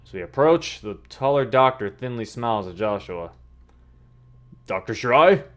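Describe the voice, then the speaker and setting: A man's voice: mid-range voice, normal speed. Man reading a game aloud on stream. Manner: animated reactions, frequent laughter. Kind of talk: live stream reading with reactions.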